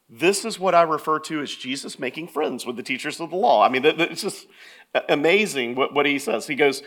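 A man preaching a sermon, talking plainly with stammers and restarts, then rising to loud, emphatic scripture reading. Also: a little high, expressive, fairly quick. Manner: conversational asides with restarts and stammers. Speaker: pastor.

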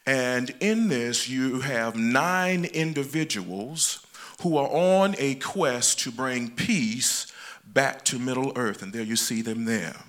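A man giving a sermon as a lay preacher, with animated emphasis that rises and falls and slows on key words. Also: medium pitch.

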